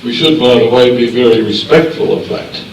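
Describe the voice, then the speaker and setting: A man's voice: medium pitch, fairly quick, gravelly, a little hiss or hum. An older man, a pastor, telling a humorous story in a sermon with chuckles between lines. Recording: roomy hall, mic at a distance, faint ambience.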